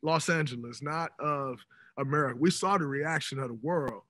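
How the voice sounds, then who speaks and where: Animated man telling stories on a podcast. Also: fairly high pitch, moderate pace, dry recording. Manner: animated storytelling, emphatic. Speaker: podcast guest. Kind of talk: casual podcast conversation. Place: podcast studio.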